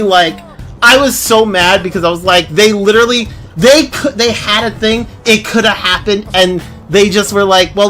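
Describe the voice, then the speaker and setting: High bright voiced guy ranting on his stream, swears a lot, pitch all over the place. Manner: animated, swearing, laughing, indignant outbursts. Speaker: livestreamer. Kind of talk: casual stream chat.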